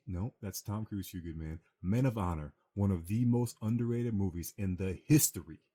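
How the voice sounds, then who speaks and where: A man co-hosting a casual podcast, animated and bantering, acting out movie lines with big swings in his voice. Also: sits low, husky. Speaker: podcast co-host.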